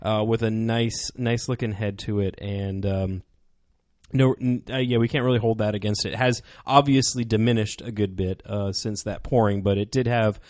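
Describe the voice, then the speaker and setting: A man's voice: on the low side, steady tone, moderate pace, a little mellow, no echo, studio quality. Rambling, hesitant man co-hosting. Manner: rambling, hesitant with many fillers. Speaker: podcast co-host. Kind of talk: casual podcast chat.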